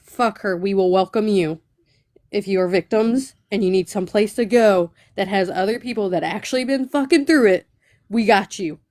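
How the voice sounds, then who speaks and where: A woman's voice: medium pitch, normal speed, darkish tone, no room sound. Blunt, cursing woman co-host. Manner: blunt, heavily profane, indignant. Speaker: livestream co-host. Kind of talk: angry livestream chat.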